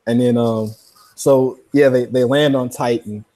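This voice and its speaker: A man co-hosting a podcast in casual chat, retelling scenes excitedly with frequent laughter and slangy talk. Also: mid-range voice, unhurried. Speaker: podcast co-host.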